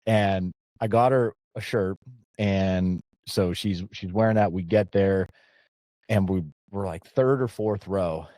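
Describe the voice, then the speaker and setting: A middle-aged man hosts a podcast in a relaxed, rambling way, circling back and restarting as he tells a story. His voice sits low and sounds warm and mellow. The recording is dry and close. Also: slow pace, no echo. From Pennsylvania. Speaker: podcast host. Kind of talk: casual podcast chat.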